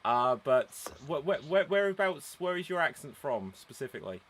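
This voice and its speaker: A man hosting a live-streamed improv show over a video call, brisk and chatty, laughing often as he runs the votes. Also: on the high side, big pitch swings, a bit bright, slight background noise.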